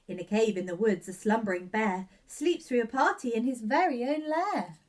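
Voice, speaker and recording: A woman reading a children's picture book aloud for nursery children, in an expressive, rhythmic sing-song way. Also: fairly high pitch, normal speed, hardly any pauses. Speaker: nursery staff reader. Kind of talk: children's storybook read-aloud.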